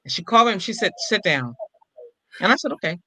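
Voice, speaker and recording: Forceful older woman, vivid storyteller. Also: mid-range voice, rapid-fire, slightly rough, no room sound, low-quality recording. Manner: acts out quoted dialogue with lively shifts in voice. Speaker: comedian and impressionist, guest. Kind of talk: animated storytelling in an interview.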